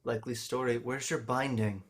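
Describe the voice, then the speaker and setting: A man's voice: medium pitch, steady tone, fairly quick, breathy edge, natural voice. A man voicing a blunt, suspicious woman prison guard in a tabletop game, crass in manner.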